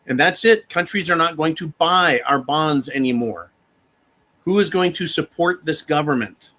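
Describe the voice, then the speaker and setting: Male livestream host, bright and somewhat high voice, emphatic, blunt and profane. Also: moderate pace. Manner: emphatic and animated, addresses viewers as folks, swears freely. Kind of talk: casual livestream commentary.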